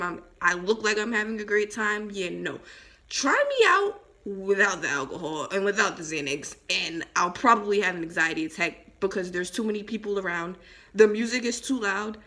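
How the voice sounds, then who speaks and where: A woman's voice: mid-range voice, expressive, normal speed, pushed and bright. A young woman vlogging at home, chatting casually and rambling, with lots of filler words and emphatic asides. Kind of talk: casual storytime chat.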